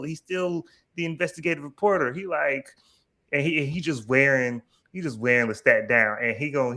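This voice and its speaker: A man co-hosting a casual TV recap, animated and slangy, often stammering and restarting. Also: medium pitch. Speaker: podcast co-host.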